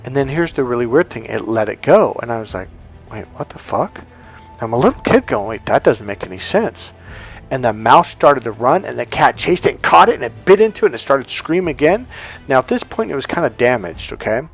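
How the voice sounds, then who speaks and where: A man's voice: mid-range voice, expressive, fast, faint music behind. A man who works as a dating coach tells a story in a casual monologue, emphatic and repeating key words.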